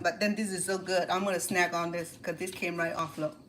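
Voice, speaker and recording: A woman's voice: on the low side, flat delivery, brisk, fairly bright tone, a little hiss or hum. A woman from Cambodia with a Cambodian accent, chatting casually and rambling as she cooks, often restarting her phrases. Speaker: home cooking host. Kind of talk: casual cooking vlog chat. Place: home kitchen. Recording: kitchen clatter of pots and dishes. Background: clinking pots, pans and dishes.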